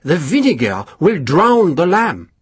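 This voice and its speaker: A man's voice: high-pitched, expressive, moderate pace, slightly rough, dry recording, voice pushed up. Man doing a stubborn, grudging army cook. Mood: indignant. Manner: dogged, indignant.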